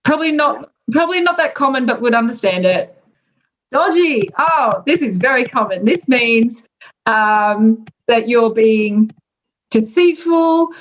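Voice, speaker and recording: An Australian woman talks through slang terms one by one in a relaxed, chatty way, laughing often as she goes. Her voice sits a little high and she takes her time. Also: low-quality recording. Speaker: teacher explaining slang. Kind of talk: casual explanation.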